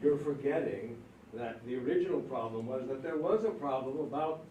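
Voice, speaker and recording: A man's voice: mid-range voice, expressive, moderate pace, dark tone, close to an everyday voice. A man playing a stubborn older landowner and father in a stage play, blustering and insisting on every point. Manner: blustering, repeats "that's a fact". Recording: roomy, distant mic with faint noise.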